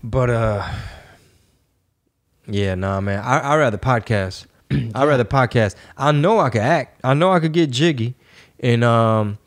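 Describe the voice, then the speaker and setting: A man with a mid-range voice speaks at a measured pace. He hosts a podcast, chatting casually and spinning rambling, profanity-laced stories.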